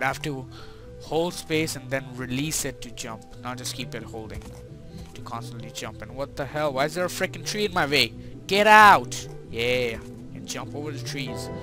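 Excitable young guy narrating his gameplay. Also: medium pitch. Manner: excitable, talks to himself and his horse, frequent mild swearing. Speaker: gaming video creator. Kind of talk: gameplay commentary.

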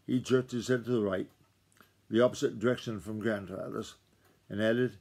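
A man reading a novel aloud to his children in a plain, unhurried storytelling voice. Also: on the low side, fairly even intonation, a little mellow.

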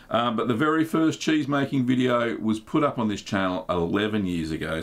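A middle-aged man, hosting a casual livestream in a relaxed, chatty way, with plenty of ums and uhs. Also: low voice. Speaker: livestream host.

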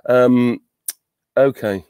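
A man's voice: medium pitch, steady tone, very slow, darkish tone, clean tone, dry recording, clean studio sound. A middle-aged man, an actor, answering fan questions on a virtual panel, chatty and self-deprecating, thinking aloud as he goes.

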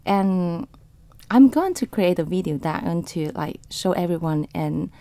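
A woman in her thirties, a photographer, speaks haltingly on radio, restarting her sentences. Her voice is fairly low, soft and mellow, recorded dry and close in a studio. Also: animated, dry recording. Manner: halting, restarts, non-native grammar. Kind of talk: radio interview.

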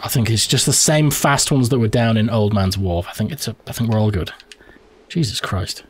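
A man's voice: on the low side, moderate pace, slight background noise. A man hosting a let's play, giving profane, reactive commentary and thinking aloud as he plays. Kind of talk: live gameplay commentary.

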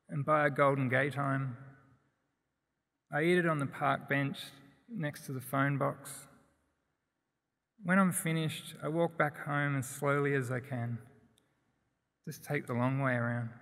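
A man reading a first-person story aloud in a plain, steady way. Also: mid-range voice. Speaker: narrator. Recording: long hall reverb.

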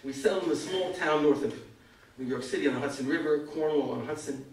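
An older American man telling a humorous story at a community evening, self-mocking and animated, acting out other people's lines. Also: fairly high pitch, quick pace. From United States. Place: event hall. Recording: echoey hall, far from the mic.

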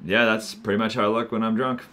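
A man's voice: lowish voice, flat delivery, quick pace, background noise. Chatty man reacting to his own video. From Canada. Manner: chatty, amused, with fillers and restarts. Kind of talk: casual reaction commentary.

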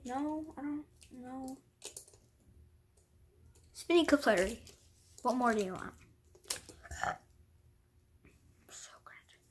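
Woman vlogger, breathy and a bit high-pitched, self-deprecating, casual show-and-tell at home with the odd whisper. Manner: rambling, apologetic, self-deprecating; drops into whispers at times.

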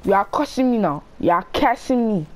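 A woman's voice: medium pitch, expressive, brisk, slight background noise. A woman with a Nigerian accent trash-talking in game voice chat, scolding and repeating herself. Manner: scolding, repetitive, threatening to slap. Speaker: gamer in voice chat.

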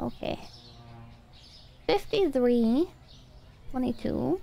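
Woman streamer, high animated voice, unhurried, foul-mouthed and self-mocking, faint hiss behind. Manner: chaotic, swearing, self-mocking, talking to chat while playing. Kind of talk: casual gaming stream chat.

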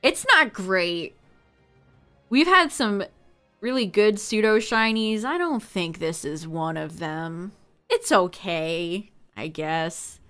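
A woman live-streaming, talking to her chat in an unhurried, casual way. She laughs often as she chats. Faint music plays quietly behind her voice. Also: mid-range voice, lively intonation, clear, resonant tone.

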